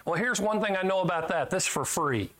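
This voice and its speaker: Brief: middle-aged preacher, homespun and emphatic, voice sits a bit high, big swings up and down. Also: male voice, animated, brisk. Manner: folksy, emphatic, swinging between loud highs and low asides. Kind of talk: sermon.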